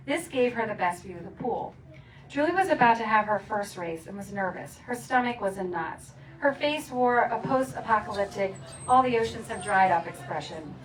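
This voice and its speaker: A woman reading from her own memoir at a community celebration, playful and often laughing as she acts out the funny parts. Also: mid-range voice. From Philadelphia area. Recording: distant mic with faint ambient noise.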